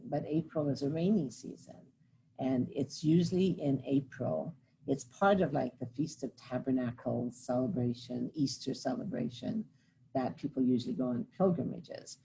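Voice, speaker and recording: A woman's voice: low voice, normal speed, vocal fry, dark tone, a little hiss or hum. An older woman teacher who tells a rambling story with self-corrections and chuckling asides, then reads poetry aloud to a class. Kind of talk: lecture and reading poetry aloud.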